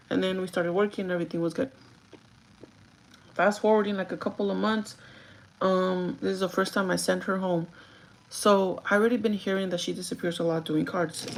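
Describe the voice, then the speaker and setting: Young woman, vlogger, gravelly voice, casual storytime chat, animated and swearing. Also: mid-range voice. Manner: animated storytelling, acts out quotes, swears freely.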